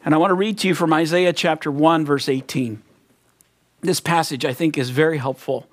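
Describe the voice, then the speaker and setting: A man's voice: fairly high pitch, fairly even intonation, normal speed. A man preaching a sermon as a pastor, retelling a parable in an earnest storytelling manner. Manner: earnest storytelling preacher, acts out quoted voices.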